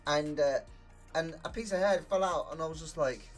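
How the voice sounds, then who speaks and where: A man's voice: fairly high pitch, moderate pace, faint music behind. A young man chatting casually on a game stream, laughing often and swearing freely. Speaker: live-streaming gamer.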